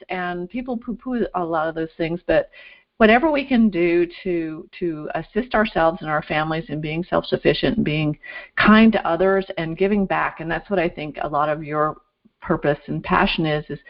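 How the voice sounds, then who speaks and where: A woman's voice: on the low side, expressive, moderate pace, muffled recording. A woman hosting an interview show, earnest and encouraging as she thanks her guest. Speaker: show host. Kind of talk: casual interview talk.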